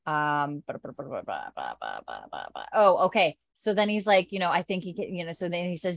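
A woman's voice: on the low side, wildly swooping pitch, moderate pace, dry recording, studio quality. A woman chatting casually as she recaps a TV episode, animating the characters' lines and swearing freely. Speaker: show recapper.

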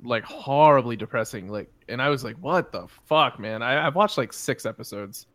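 Young male podcast co-host, casual and jokey, mid pitch, dry close sound. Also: moderate pace, dry recording. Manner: joking, swears freely, mock-yells in retold quotes. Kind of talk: casual chat.

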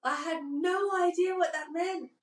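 A woman's voice: very high voice, fairly even intonation, unhurried. Wry woman guest, off-mic and echoey. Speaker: guest boxer. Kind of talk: casual chat. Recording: roomy and distant with faint ambience.

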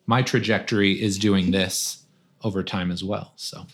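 A man's voice: low-pitched, steady tone, normal speed. Easygoing man talking shop. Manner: conversational, peppers speech with "man" and "right?". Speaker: guest, strength coach. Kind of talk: casual podcast conversation.

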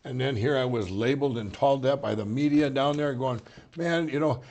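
A middle-aged man from Minnesota, co-hosting a casual talk show, telling stories in an animated way with lots of "you know". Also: medium pitch, brisk. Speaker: co-host.

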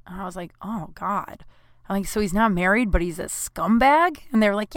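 Young woman comedian, smooth clear voice, dry close sound, chatty rambling storyteller. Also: mid-range voice, brisk, dry recording. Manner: chatty, rambling, self-deprecating asides. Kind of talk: comic storytelling.

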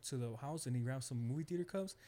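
A man's voice: medium pitch, animated, quick pace, mellow. A young man, telling stories in a laid-back, slangy way and acting out his friends' voices. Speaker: podcast host. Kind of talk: casual chat, storytelling.

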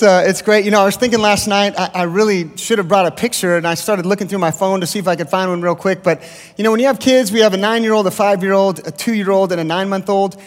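Guest pastor, man, 30s: high, light voice, chatty and self-deprecating, lots of ums, long church-hall reverb. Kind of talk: sermon introduction, casual storytelling. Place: large church auditorium.

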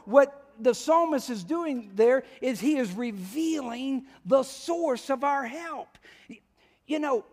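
High-voiced male preacher in a reverberant church. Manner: conversational preaching, asking the congregation questions. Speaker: pastor. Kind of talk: sermon. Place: church sanctuary.

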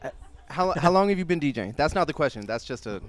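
A man's voice: fairly high pitch, lively intonation, quick pace, noisy background. A man in the room asking a question, hesitant and thinking aloud. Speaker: audience member asking questions. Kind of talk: casual chat.

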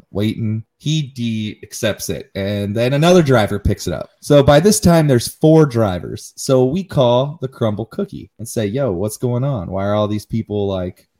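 A man's voice: lowish voice, mellow. A man co-hosting a casual podcast, ranting animatedly and swearing freely. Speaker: podcast co-host. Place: Cincinnati area.

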